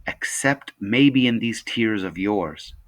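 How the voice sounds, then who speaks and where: A man voicing a gentle, sorrowful elderly woman in a storybook reading. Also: lowish voice, expressive. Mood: tender. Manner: soft, slow, tender. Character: old woman Mrs Griffin, gentle and sad.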